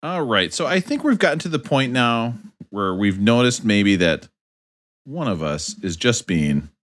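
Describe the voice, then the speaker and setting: A man co-hosting a podcast in casual chat, joking and quick, slipping into voices for quoted bits. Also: medium pitch, animated, fairly bright tone. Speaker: podcast co-host.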